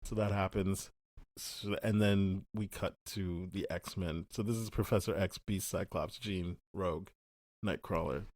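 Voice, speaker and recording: Low-voiced man rambling through a review. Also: a little slow, dry recording, studio quality. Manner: rambling, acts out quotes in animated voices. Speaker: podcast co-host. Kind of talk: casual chat, spoiler review.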